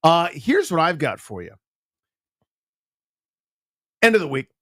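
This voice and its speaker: A man's voice: fairly high pitch, a little fast, no echo. A male sports radio host telling stories in casual, playful banter into a studio mic. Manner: playful, storytelling, animated.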